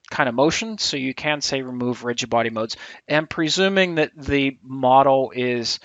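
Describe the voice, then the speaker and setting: A man giving a software tutorial screencast, thinking aloud with relaxed fillers and restarts, a little tired. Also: mid-range voice, no room sound, low-quality recording. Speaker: instructor.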